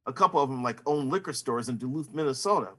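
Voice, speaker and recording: A man's voice: mid-range voice, expressive, fast, sharp tone. A man in his fifties, a sportswriter, answering interview questions in a casual, rambling way full of "you know" fillers.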